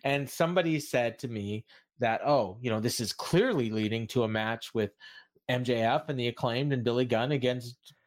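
Rambling man recapping wrestling. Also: mid-range voice. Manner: rambling, halting recap with many fillers. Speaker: podcast co-host. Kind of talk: casual wrestling recap chat.

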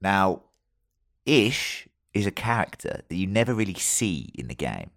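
A man's voice: sits low, sing-song, a little slow, gravelly, fairly bright tone, no echo, clean studio sound. A man hosting a podcast, telling a story loosely with plenty of fillers and the odd swear word. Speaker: podcast host. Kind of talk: casual podcast chat.

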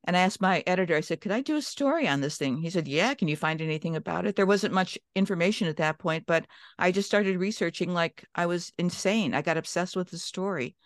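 A woman's voice: on the low side, steady tone, a little fast, hardly any pauses, no echo. A woman from Minnesota telling a long personal story as an interview guest, chatty, with restarts and quoted inner thoughts.

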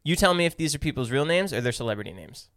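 A man's voice: a little high, big pitch swings, fast talker, a bit bright, dry recording, studio quality. A young man co-hosting a casual podcast, playful and teasing, laughing often, reading sponsor ads. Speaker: podcast co-host.

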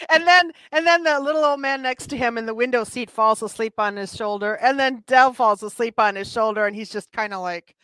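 A woman's voice: on the high side, a little fast, hardly any pauses, fairly bright tone, clear, resonant tone, no room sound. A woman co-hosting a casual movie review chat, talking freely and laughing often. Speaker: podcast co-host.

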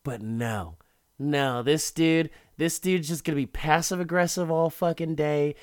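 A man's voice: fairly high pitch, a little slow, clean tone. Man rambling through a profane story. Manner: profane, rambling, repeats words. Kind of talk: casual plot recap.

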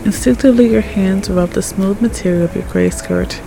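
A woman reading second-person fanfiction aloud in a soft, calm voice that sometimes drops near a whisper. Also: mid-range voice, moderate pace, vocal fry, noisy background. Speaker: fanfic reader.

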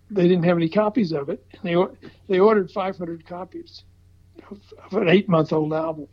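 Older man telling a story. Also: a little high. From Southern United States. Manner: animated, chuckling, frequent restarts. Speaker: record promotion veteran telling a story. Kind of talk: casual storytelling. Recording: slightly dull, muffled recording.

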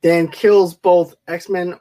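A man's voice: high-pitched, level tone, drawn-out words, dark tone. Man explaining plot in casual chat.

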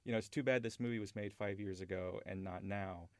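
A man with a lowish voice hosts a casual film chat, rambling and enthusiastic and often restarting his sentences. The sound is dry and close, with no room around it. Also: steady tone, a little fast, a little mellow, dry recording. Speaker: podcast host.

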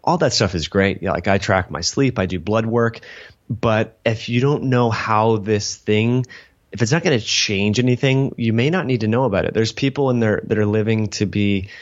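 A man telling a long personal story in casual interview chat, rambling and animated, acting out what people said. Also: on the low side, normal speed, dull audio. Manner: rambling, animated, lots of "like" and acted-out quotes. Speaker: guest.

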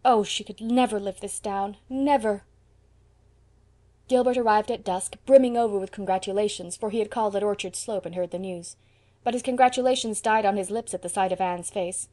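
Reading from a classic novel, this woman narrates an audiobook at a medium pitch. The delivery is scripted, measured, and expressive.

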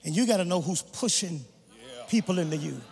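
A man preaching a sermon as guest preacher in a large church, his rhythmic delivery swelling into shouted, sung cadences. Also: sits high, animated, a little fast, creaky, husky. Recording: echoey hall, faint room ambience.

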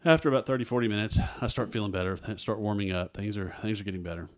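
His voice is on the low side and he races through his words. He's an interview guest recounting something from his own life with earnest feeling, acting out what others told him.

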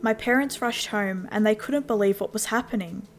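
A woman narrating a first-person horror story in a steady storytelling voice. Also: medium pitch, normal speed, soft background music. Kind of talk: scripted scary story narration.

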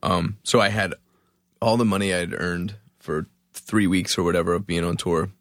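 A man from Philadelphia, a musician guest on a podcast, telling a story in an animated, profane, self-mocking way. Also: deep voice, normal speed, no echo, studio quality.

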